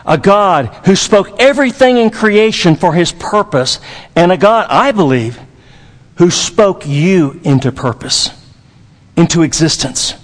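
High-voiced emphatic preacher in a hall. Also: male voice, animated, measured pace. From Dallas, Texas. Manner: emphatic, repetitive, with folksy humor. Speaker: pastor. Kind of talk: sermon.

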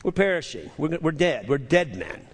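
A man's voice: a little high, very animated, normal speed, breathy edge, in a large hall. A man preaching a sermon and reading scripture, often stammering and repeating words for emphasis. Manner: stammering restarts, emphatic repetition. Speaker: pastor.

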